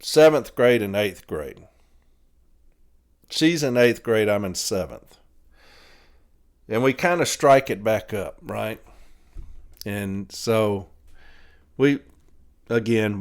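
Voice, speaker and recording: A man's voice: lowish voice, takes it slowly, long pauses. A man hosting a podcast, telling a long rambling story in a casual way, laughing between phrases and swearing freely. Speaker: podcast host.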